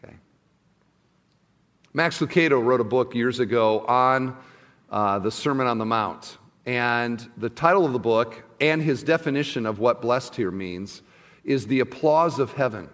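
A man's voice: medium pitch, unhurried, a bit bright, big-room sound. A man preaching a sermon as pastor, in a conversational way, often asking his listeners questions and restarting his sentences. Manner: conversational, asks the audience questions, many restarts.

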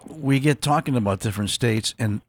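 A man co-hosting a radio talk show, easygoing and halting, mostly giving short replies. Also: medium pitch, dry recording. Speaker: radio co-host. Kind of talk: casual radio chat.

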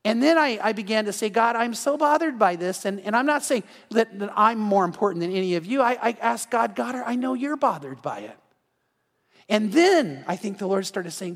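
Animated high-voiced man preaching. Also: moderate pace, in a large hall. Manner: animated, acts out quoted voices, many restarts. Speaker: pastor. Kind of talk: evening sermon. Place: church.

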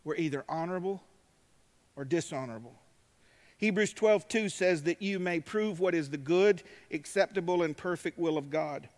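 Male preacher, high-pitched, emphatic sermon delivery, recorded in a church hall with a long reverb tail. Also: moderate pace. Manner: emphatic, rising to shouts, drawling asides.

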